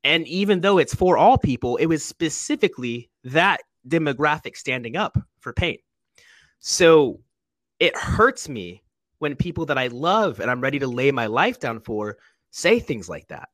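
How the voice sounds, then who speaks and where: A man's voice: on the high side, animated, normal speed, a bit bright, no room sound. A soldier, a man, speaking candidly and emotionally in a conversation, earnest and emphatic, often restarting his sentences. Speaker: soldier guest.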